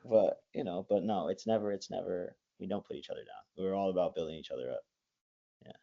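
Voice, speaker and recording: A man's voice: low-pitched, expressive, quick pace, vocal fry, warm tone. A young man in his twenties, a college wrestler, chatting as a guest in a rambling way, full of likes and restarts. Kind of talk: casual interview. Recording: dull lo-fi sound.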